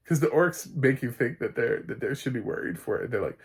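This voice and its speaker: A man's voice: medium pitch, expressive, brisk, hardly any pauses, slightly rough. A man reviewing a TV episode in casual solo chat, rambling with many fillers and restarts and often laughing.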